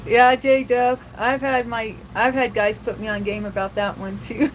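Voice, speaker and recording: A young woman with a high, bright voice hosts a laid-back livestream, talking to viewers at an unhurried pace. She laughs often and keeps the chat loose. A faint hum of noise sits behind her. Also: steady tone, poor audio. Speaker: livestream host.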